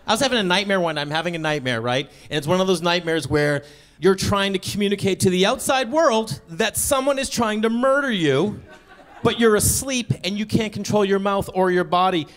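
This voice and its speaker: A man in his thirties doing stand-up comedy, excitable and bursting into loud, incredulous outbursts. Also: high voice, fairly quick. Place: comedy stage before a live audience.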